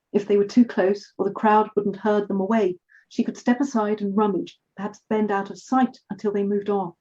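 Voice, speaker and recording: A woman author reading aloud from her novel in a measured, careful way over a video call. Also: mid-range voice, dark tone, highs cut off.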